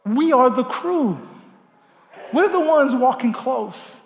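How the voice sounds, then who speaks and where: A man preaching a sermon with passion, rising to loud calls and dropping to hushed prayer. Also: very high-pitched, animated, takes it slowly, vocal fry, long pauses. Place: church. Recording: echoey church hall.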